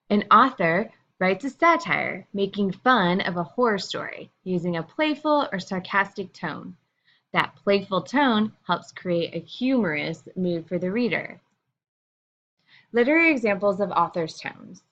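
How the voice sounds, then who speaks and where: A woman's voice: medium pitch, animated, unhurried, a bit bright, lo-fi sound. A woman teacher explaining a lesson to her students in a casual, chatty way, with frequent fillers.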